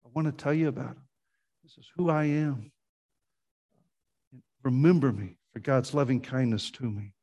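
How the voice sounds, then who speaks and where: A man's voice: mid-range voice, moderate pace, long pauses, dark tone, breathy edge. A man preaching a sermon as pastor, earnest and conversational, often restarting his phrases.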